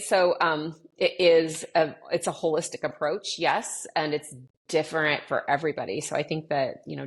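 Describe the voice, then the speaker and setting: A middle-aged woman talking casually in an interview, animatedly acting out conversations with clients and often restarting her sentences. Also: sits low. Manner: animated, acts out quoted dialogue with clients. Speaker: guest sharing her experience with anxiety.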